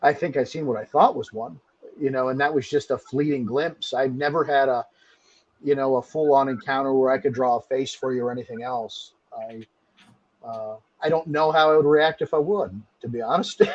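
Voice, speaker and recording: A man's voice: medium pitch, fairly even intonation, normal speed, lo-fi sound. A man speaking as a guest in a casual interview, candid and emphatic. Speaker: guest researcher.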